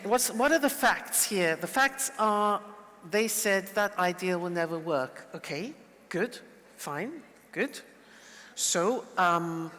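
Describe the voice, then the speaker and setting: Brief: animated male lecturer, mid pitch, long hall reverb. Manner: lively, playful, animated demonstrations. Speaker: teacher. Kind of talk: lecture with role-play.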